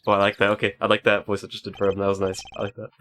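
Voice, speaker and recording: Lower-voiced man streaming a game casually. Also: monotone, rapid-fire, a bit bright. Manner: rambling, self-deprecating, chuckling. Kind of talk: casual let's-play commentary.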